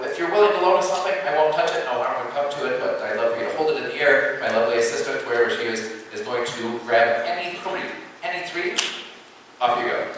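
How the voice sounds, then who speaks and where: Wry stage mentalist in an echoey hall. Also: male voice, medium pitch, a bit bright, recorded from a distance, a little hiss or hum. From Colorado, US. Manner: wry, joking asides to the audience. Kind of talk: live stage patter. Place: theater stage before a live audience.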